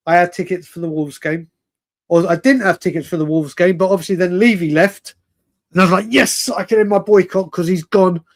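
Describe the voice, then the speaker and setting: A man hosting a live fan stream, talking casually and rambling, laughing often and calling viewers mate and brother. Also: high voice.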